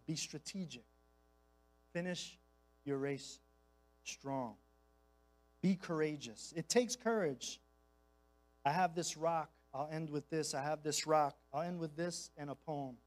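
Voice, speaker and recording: A man's voice: fairly high pitch, a little mellow, low-quality recording. A man preaching as a guest speaker in a church, mixing impassioned, conversational delivery with casual slang and repeated phrases. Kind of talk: sermon.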